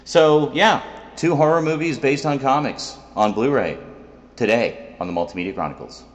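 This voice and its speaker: A man's voice: medium pitch, normal speed. A man hosting his own review show, chatting casually with wry, rambling asides. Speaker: video reviewer, show host.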